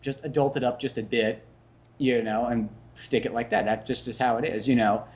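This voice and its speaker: A young adult man hosts a podcast in casual chat, rambling, swearing freely and slipping into mocking voices. His medium-pitched voice is steady in tone, a little mellow, at normal speed, and the audio has its highs cut off.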